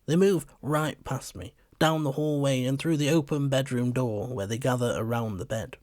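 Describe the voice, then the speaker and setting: A man reading a short story as narrator in a steady, measured way. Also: medium pitch, dry recording, studio quality. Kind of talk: scripted narration.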